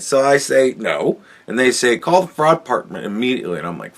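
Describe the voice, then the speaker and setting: A man's voice: medium pitch, sing-song, fairly quick. A man hosting a podcast, telling a rambling, profane story in a casual monologue. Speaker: podcast host.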